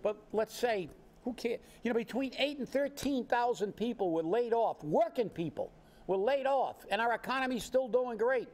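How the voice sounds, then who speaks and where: Male co-host, high voice, indignant ranting commentary. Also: lively intonation, moderate pace, darkish tone. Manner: indignant, ranting, rhetorical questions. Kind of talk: heated political commentary.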